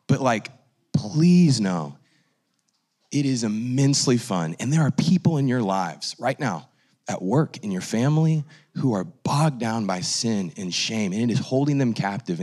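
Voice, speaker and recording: A young man giving an earnest, animated talk at a church gathering, full of "like" fillers. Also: lowish voice, moderate pace. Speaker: guest speaker sharing testimony.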